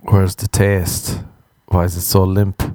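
Low-pitched, slow, and dark in tone, a young Irish podcast host delivers a comedic solo rant that's profane, exasperated, and sarcastic, keeping a level tone throughout. There's no room sound, just a clean studio recording.

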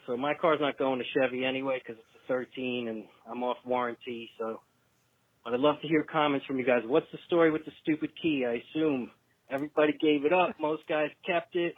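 A man's voice: fairly high pitch, fairly even intonation, a little fast, no echo. A man with a New York accent, calling in to a podcast with a chatty, rambling, wisecracking question. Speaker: caller. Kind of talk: phoned-in voicemail question. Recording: tinny phone line.

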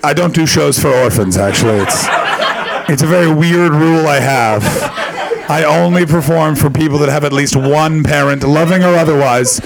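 A man's voice: on the high side, moderate pace, vocal fry. A man in his late twenties doing stand-up crowd work, brash, profane and teasing. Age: late 20s. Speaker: stand-up comedian.

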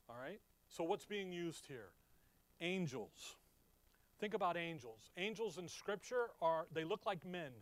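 Emphatic high-voiced male preacher. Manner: conversational, asks the listeners questions; emphatic, swings from loud to quiet. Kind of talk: Bible teaching sermon.

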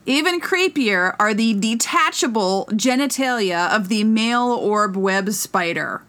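Co-hosting a casual comedy podcast, a woman with a mid-range, somewhat bright voice and lively intonation reads an article aloud. She jokes as she goes, reading haltingly and stumbling over the harder words.

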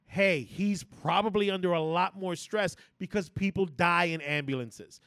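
A man's voice: high-pitched, normal speed, creaky, fairly bright tone, no echo, clean studio sound. A man on a casual podcast, ranting emphatically with lots of profanity and stammered restarts. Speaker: podcast co-host.

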